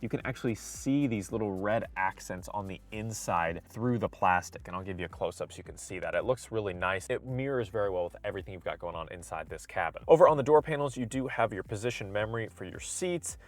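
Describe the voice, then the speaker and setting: A man's voice: on the low side, animated, fast talker, few pauses. A man casually walking through a car's features as a reviewer, listing each detail in a conversational way. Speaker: car reviewer. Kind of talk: casual product walkthrough. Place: in and around a car.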